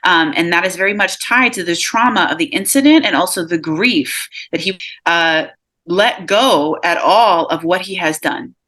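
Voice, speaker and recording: A woman medium giving a live reading over a video call, relaying messages with a steady run of "he says" and many fillers. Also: lowish voice. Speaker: psychic medium.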